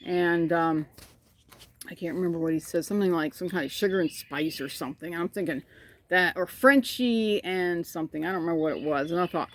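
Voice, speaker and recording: Recorded outdoors on a phone camera, a woman with a lowish voice talks briskly about her backyard chickens. She rambles in casual chat and coos at the birds.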